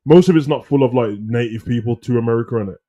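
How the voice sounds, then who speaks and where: A man, co-hosting a casual live chat, slangy and rambling, breaking into animated rants. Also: medium pitch, fast. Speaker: co-host.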